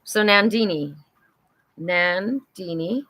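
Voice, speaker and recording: A woman's voice: medium pitch, slow pace, pushed and bright. A middle-aged woman leads a live oracle reading. She talks in a chatty, upbeat way, cheering on her viewers. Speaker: oracle card reader and psychic host.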